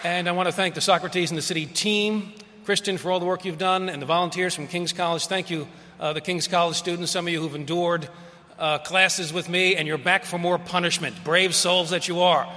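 Bright-voiced male speaker in a reverberant hall. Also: sits high, fairly even intonation, some chatter behind. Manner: storytelling, with quick asides. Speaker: guest speaker. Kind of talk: public lecture.

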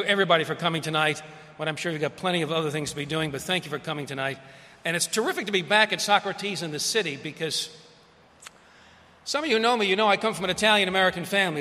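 A man giving a public lecture as guest speaker, telling stories with quick asides. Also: sits high, bright, forceful tone, in a large hall.

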